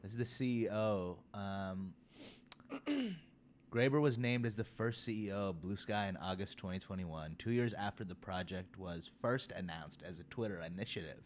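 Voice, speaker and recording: A man's voice: sits low, lively intonation, moderate pace, slight background noise. A man co-hosting a casual podcast, explaining insistently and repeating his point. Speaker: podcast co-host.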